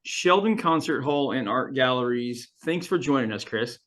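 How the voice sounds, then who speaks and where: A man hosting a podcast, asking relaxed open questions with a few fillers. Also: medium pitch, moderate pace. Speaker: podcast host. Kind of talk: casual interview.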